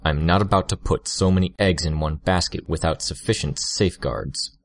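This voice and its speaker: A man's voice: sits low, moderate pace, no room sound. A man voicing a stern middle-aged male hero, clipped and controlled, holding back anger. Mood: restrained anger.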